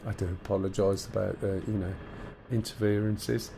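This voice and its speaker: A man with a fairly low, gravelly, warm voice and a level tone talks at a moderate pace, with a little hiss or hum in the recording. He's a Black Country streamer from the English Midlands, casually bantering with chat while explaining cockpit start-up steps.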